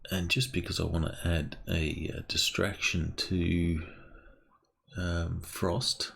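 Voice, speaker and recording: A man with a low, gravelly voice running a tabletop game. He speaks slowly and haltingly, filling his pauses with ums. Clicking sounds are heard in the background. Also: little pitch movement, fairly bright tone. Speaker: game master.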